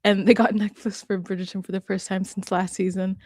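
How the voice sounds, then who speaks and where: A woman's voice: medium pitch, level tone, brisk, a little mellow, no room sound, clean studio sound. A woman hosting a casual reaction chat, talking with laughs and acting out quotes. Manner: chatty, laughs often, acts out quotes. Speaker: host.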